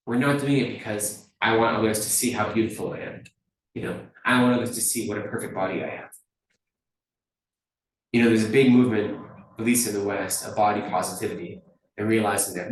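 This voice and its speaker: A man's voice: on the low side, slight background noise. Man teaching in a very echoey hall. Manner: conversational, often checks in with "right?". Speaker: Buddhist teacher. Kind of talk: dharma teaching talk. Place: teaching hall at a dharma center. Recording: very echoey room, mic far off.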